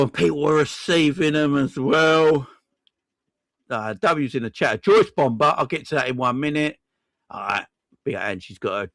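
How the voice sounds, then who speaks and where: A man hosts a laid-back livestream, effusively and excitably thanking viewers one at a time and using plenty of slang. His voice is medium in pitch, with no echo.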